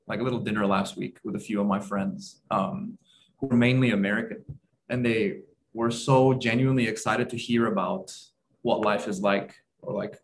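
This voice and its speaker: A man's voice: fairly low pitch, fairly even intonation, normal speed, a little hiss or hum. A young man from Turkey co-hosting a casual podcast over a video call, talking eagerly in rambling bursts with restarts. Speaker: podcast co-host.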